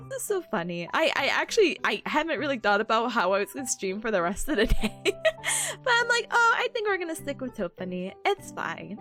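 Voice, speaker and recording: High, bright, giggly woman streamer. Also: wildly swooping pitch, normal speed, pauses often, faint music behind. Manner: giggly and playful, laughing often; silly, sings sound effects. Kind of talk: casual live-stream chat.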